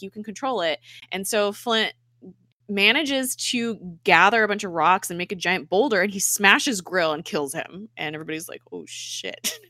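A woman's voice: on the low side, dry recording, clean studio sound. A young woman casually recapping a TV episode on a podcast, acting out the characters' lines with frequent laughter. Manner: animated retelling, acting out quotes, frequent laughter and "like" fillers. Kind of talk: casual chat.

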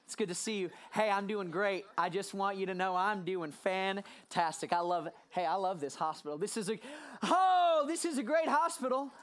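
A preacher acting out a gravely sick hospital patient who insists in a forced, breezy way that all is fine. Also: mid-range voice, moderate pace, natural voice. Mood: forced cheer.

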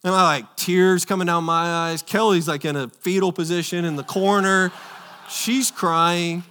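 Earnest preaching man, slightly high voice. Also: steady tone, a little slow, pushed and bright, slight background noise. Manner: earnest, storytelling with swings in volume; repeats and restarts words. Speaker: pastor. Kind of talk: sermon.

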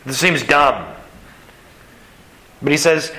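A man preaching from the pulpit with a bright, forceful voice. He talks earnestly and with animation, breaking from scripture into quick plain-spoken asides. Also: medium pitch, poor audio. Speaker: pastor. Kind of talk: sermon.

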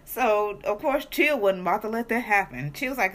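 A woman's voice: mid-range voice, lively intonation, normal speed. A woman co-hosting a casual chat, rambling and profane, full of filler words. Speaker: co-host.

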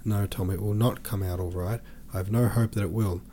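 A man voicing a distraught middle-aged woman pleading tearfully with her brother, in a low, mellow reading voice. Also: fairly even intonation, brisk, a little hiss or hum, lightly acted. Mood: despairing. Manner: pleading, tearful, breathless run-on speech.

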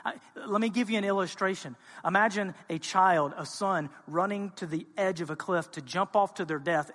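A man preaching a sermon as a pastor, speaking with passion and moving between quiet, intimate stretches and loud, urgent ones. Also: high-pitched, moderate pace, long reverb tail. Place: church sanctuary.

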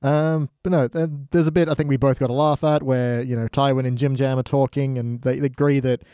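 Jokey man with a mellow voice. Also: mid-range voice, fairly even intonation, fairly quick, smooth, no echo, studio quality. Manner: jokey, acts out quoted lines in silly voices. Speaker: podcast co-host. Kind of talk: casual chat.

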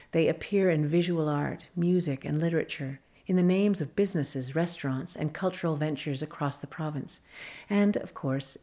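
A woman reading a scripted magazine feature as narrator, measured and even. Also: low-pitched.

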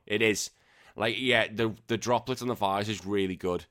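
A man's voice: on the low side, fairly quick, fairly bright tone. A man with a Northwest English accent, hosting a podcast in a casual, rambling, sweary way. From northwest England. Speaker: podcast host.

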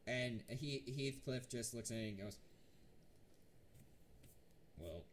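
A man's voice: mid-range voice, fairly even intonation, normal speed, a little hiss or hum. A man narrating a tabletop game as game master, talking casually with frequent restarts. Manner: hesitant, many restarts and fillers.

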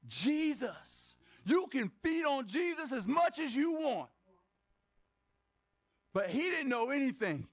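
A man with a very high voice preaches a lively sermon to his church. He keeps asking the congregation questions, slips in joking asides, and now and then bursts into a shout to drive his point home. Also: measured pace, pauses often. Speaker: pastor. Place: church service.

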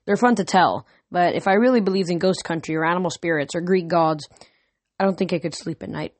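A woman's voice: on the low side, brisk, no room sound, natural voice. A woman reading the part of a worn-down middle-aged father who sounds tired and resigned, in a dry close recording. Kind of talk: audiobook character reading.

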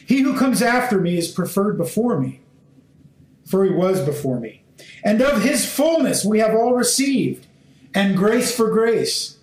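A man preaching a sermon in a high, light voice, laying out scripture phrase by phrase at an unhurried pace. His delivery is measured and deliberate, building into pointed questions to his listeners. The recording carries a roomy echo. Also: very animated. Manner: slow, deliberate phrasing in short measured fragments; rising into emphatic questions to listeners. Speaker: Bible teacher.

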